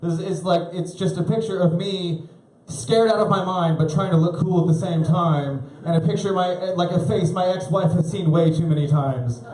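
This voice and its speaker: A man in his thirties doing live stand-up comedy on a club stage, rambling and self-deprecating, with halting restarts. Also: high voice, a little mellow. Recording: roomy live club recording.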